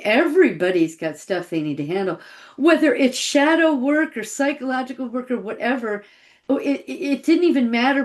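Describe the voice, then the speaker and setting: A woman's voice: a little high, a little mellow. Casting note: middle-aged woman, conversational storyteller, voice that rises and falls a lot as she relives old conversations. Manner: conversational, reflective, quotes her own past thoughts. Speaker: channel host recounting personal story. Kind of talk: casual personal storytelling.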